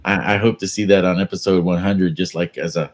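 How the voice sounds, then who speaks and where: A man's voice: low voice, fairly even intonation, a little fast. A man co-hosting a casual chat show over a remote call, chatty and joking. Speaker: podcast co-host.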